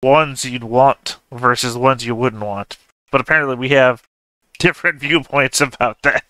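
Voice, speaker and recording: A man's voice: medium pitch, normal speed, bright, forceful tone, clean tone, no room sound. A man playing a tabletop game, talking in a wordy, slightly pedantic way. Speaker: player. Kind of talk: casual chat.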